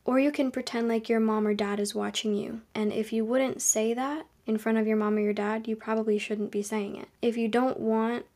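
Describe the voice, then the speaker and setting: A young woman hosting a podcast, giving advice in a calm, earnest, conversational monologue. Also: fairly high pitch, moderate pace, few pauses. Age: young adult. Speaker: podcast host.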